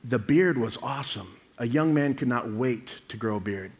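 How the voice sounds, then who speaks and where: A young man preaching a casual youth sermon, telling the story with jokes and acting out quick bits of dialogue. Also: medium pitch, lively intonation.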